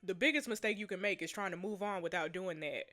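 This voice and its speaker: Woman reading a calm guy survivor, low and quiet, steady and reassuring, story game. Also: fast talker, natural voice.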